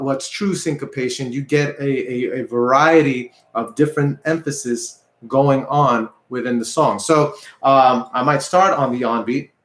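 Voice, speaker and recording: A man's voice: a little high, reverberant. A man teaching an online guitar lesson, patient and repetitive, counting beats aloud as he explains. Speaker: music teacher. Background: guitar playing.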